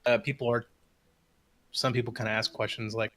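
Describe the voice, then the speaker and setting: A man's voice: mid-range voice, level tone, a little fast, a bit bright. A man with a mid-range voice narrates as game master of a tabletop game. He talks casually and loosely, often restarting his sentences. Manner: casual, many fillers and restarts.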